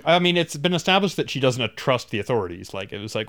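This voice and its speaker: A man of middle pitch co-hosts a casual podcast, recapping a movie in an amused, chatty way. He keeps dropping in jokes and picking up his partner's points. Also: quick pace, hardly any pauses, a bit bright. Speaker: podcast co-host.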